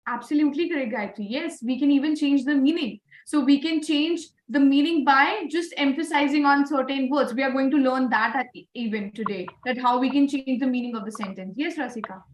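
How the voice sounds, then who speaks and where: A woman's voice: high voice, fairly quick, hardly any pauses, reverberant, recorded from a distance, a little hiss or hum, poor audio. A woman leading an online class, encouraging students and often asking "right?". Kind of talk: live webinar teaching.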